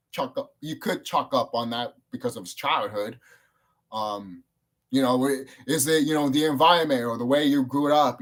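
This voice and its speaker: A man rambling casually to the camera, swearing often and jumping up in pitch when he gets excited. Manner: rambling, profane, excitable, with sudden jumps up in pitch. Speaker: video creator. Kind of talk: casual monologue.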